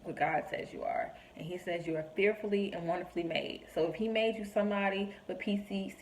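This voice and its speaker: A woman's voice: on the low side, a little fast, a little mellow, a little hiss or hum, low-quality recording. A young woman talking earnestly to camera about her faith, encouraging listeners and acting out quoted voices. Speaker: vlogger sharing faith reflections. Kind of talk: heartfelt personal talk to camera.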